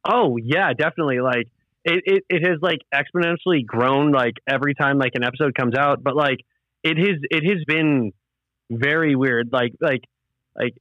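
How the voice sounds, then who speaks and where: A man's voice: mid-range voice, normal speed, no echo. Laid-back rambling young man. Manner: laid-back, rambling, heavy on fillers and swearing. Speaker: podcast host. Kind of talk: casual chat. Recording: muffled lo-fi audio.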